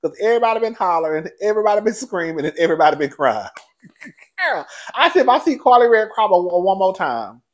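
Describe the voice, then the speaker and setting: Sassy, animated man dishing gossip. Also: high-pitched, quick pace. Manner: sassy, animated, calls listeners "girl" and "child", laughs often. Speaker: show reviewer and host. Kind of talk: casual reality TV recap commentary.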